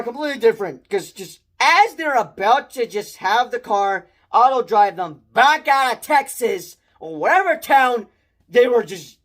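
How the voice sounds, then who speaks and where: A young man talking through a movie review in a loose, unscripted way. He rambles and trips over his words, restarting sentences often. He gets worked up and swears now and then. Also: high-pitched. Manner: rambling, excitable, many restarts and mild swearing. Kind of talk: casual spoiler movie review.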